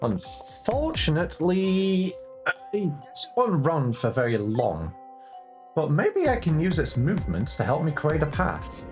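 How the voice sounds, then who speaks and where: A hurried, earnest male ghost narrates in a lowered, slow voice, as a woman reads him out. Game music sits quietly underneath. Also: wildly swooping pitch, heavily acted. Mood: anxious. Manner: reads game dialogue aloud.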